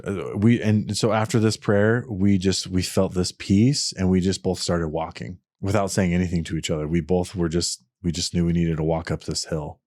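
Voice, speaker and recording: A man's voice: low voice, darkish tone, dry recording, studio quality. A man hosting a podcast, talking through ideas alone in an earnest, explanatory way and often restarting his sentences. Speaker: podcast host. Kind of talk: reflective solo podcast talk.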